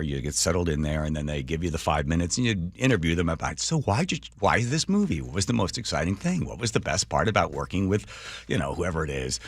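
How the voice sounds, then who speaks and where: A middle-aged man in a radio studio, spinning a story for his listeners with a wry edge. His voice sits low but swings widely up and down as he gets into the telling. The sound is close and dry, with no room around it. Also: dry recording. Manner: animated, wry anecdote-telling. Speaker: radio talk show host. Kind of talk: casual storytelling monologue. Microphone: studio microphone.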